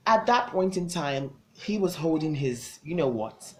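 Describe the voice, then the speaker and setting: A young vlogger tells a personal story to camera, leaning hard into every beat with emphatic repeats. The voice is mid-pitched, and the phrasing is loose and casual. A faint ambient hum sits behind the voice. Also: animated, a little slow. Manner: dramatic, emphatic storytelling with lots of repetition.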